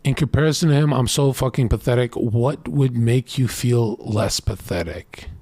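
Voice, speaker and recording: A man streams casual commentary, brash, crude and boastful, reacting to a thread and lecturing his viewers while slipping into quick put-on voices for his stories. His voice is mid-range and mellow, on a dry recording.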